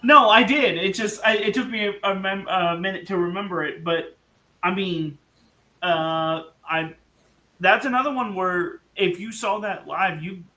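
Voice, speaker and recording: A man's voice: sits high, sharp tone, reverberant. A man who is a guest in a casual podcast discussion, speaking hesitantly with many false starts.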